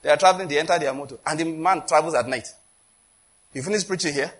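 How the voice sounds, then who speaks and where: A Nigerian-accented man preaching, his voice pitched high for a man and a little husky. He tells stories in a loose, chatty way and slips into quoted dialogue. He keeps asking the listeners whether they get his point. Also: quick pace. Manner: storytelling with quoted dialogue, conversational. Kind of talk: sermon.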